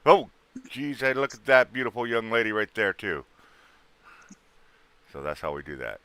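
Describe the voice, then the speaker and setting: A man's voice: on the low side, very animated, moderate pace, bright, forceful tone, smooth, no echo. A tired man hosting a casual livestream, joking and drawling as he tries to sell items. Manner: joking, drawling, mock auctioneer patter. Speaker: livestream host selling game items.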